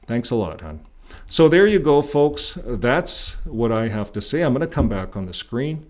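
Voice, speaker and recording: A man from Canada talks to his viewers in a casual, rambling way, with plenty of filler words and false starts. His voice sits at an average pitch, and his delivery is folksy and conversational. He records from behind the screen, narrating over what he shows. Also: big pitch swings, normal speed. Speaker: YouTube channel host. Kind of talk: casual vlog talk to viewers. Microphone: desktop mic while screen recording.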